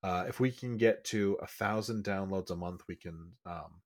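Male podcast co-host, low-pitched, chatty and rambling. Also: normal speed. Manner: rambling, restarts often, bursts of speed. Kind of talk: casual podcast chat.

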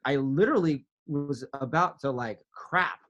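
A man telling a story in casual chat, animated, acting out his own quotes with big jumps in pitch. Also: a little slow, lo-fi sound.

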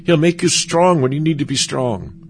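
A preacher delivers an earnest, conversational sermon, frequently stumbling and restarting his sentences in a halting way. His voice is a little high, and there is a bit of hiss or hum.

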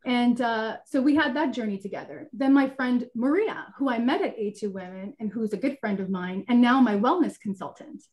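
A woman's voice: on the high side, moderate pace, few pauses, a little mellow, muffled recording. A woman giving a candid personal faith testimony on a webinar, speaking earnestly with many fillers over a video call. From Italian heritage. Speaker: guest sharing her testimony.

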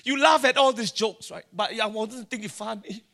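High, bright Singaporean-accented pastor. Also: male voice, normal speed, creaky. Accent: Singaporean English. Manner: animated storytelling with asides, acting out dialogue. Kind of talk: sermon.

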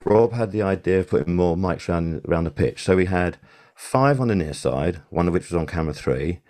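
A man's voice: deep voice, expressive, a little fast, a little mellow. An older man, a television sound supervisor, recalling his career in a casual interview, rambling and correcting himself as he goes. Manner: rambling, self-correcting storyteller.

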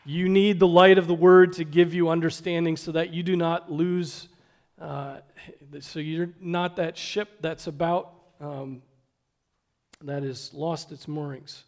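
A man preaching a sermon, earnest, posing rhetorical questions and dropping to a hush for emphasis. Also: on the high side, fairly even intonation, unhurried.

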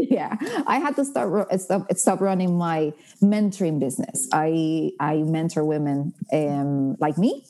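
Woman, Dominican Spanish accent, 30s, podcast guest, enthusiastic, fairly low voice. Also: measured pace, dark tone. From Dominican Republic. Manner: enthusiastic, laughs often, restarts words. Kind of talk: casual interview.

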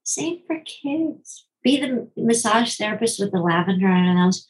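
A middle-aged woman, a physician who writes about parenting, answers interview questions expressively in rapid bursts that slow down for emphasis. She often acts out quoted voices with big jumps in pitch, and the recording is rough.

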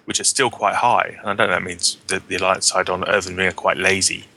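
A man's voice: deep voice, flat delivery, quick pace, pushed and bright, a little hiss or hum. A man hosting a casual gaming podcast, rambling and correcting himself with a wry tone. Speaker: podcast host.

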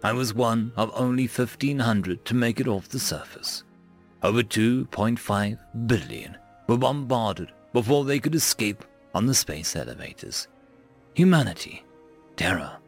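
Man narrating a sci-fi story, gravelly. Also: medium pitch, animated, a little slow, soft background music. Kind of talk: scripted narration.

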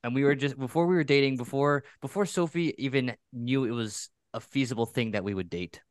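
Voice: medium pitch, fairly quick, dry recording, studio quality. A podcast co-host telling a story in a teasing, playful way. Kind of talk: casual podcast chat.

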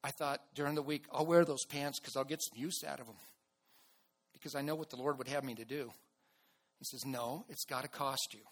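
A man preaching a sermon to his church in an earnest way, with restarts and bursts of loud emphasis. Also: medium pitch, steady tone, fairly quick, pauses often. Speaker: pastor.

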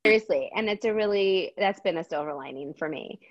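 A middle-aged woman speaking candidly as a guest, with a fairly low voice. The sound is dry and a bit dull, as if through a muffled mic. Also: fairly quick, no room sound. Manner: candid, expressive. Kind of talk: casual chat.

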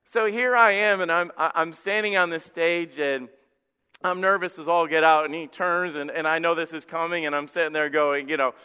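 A middle-aged man, a pastor, preaching a sermon with animated, self-deprecating storytelling. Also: fairly high pitch, moderate pace, clean tone. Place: church hall. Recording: long hall reverb.

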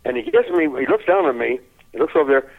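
A man's voice: mid-range voice, fast talker, vocal fry, a crowd in the background. Older guy spinning a story, laughs a lot, sounds like he's on a thin phone line. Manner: lively, chuckling, repeats words. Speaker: interview guest. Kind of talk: anecdotal storytelling.

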